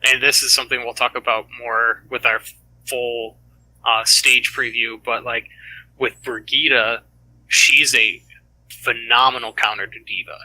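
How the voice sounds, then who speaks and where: A man with a very bright, forceful voice, co-hosting a loose esports podcast chat. He sounds eager and excitable and fills his sentences with "like". His pitch sits in an ordinary middle range. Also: unhurried, poor audio. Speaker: co-host.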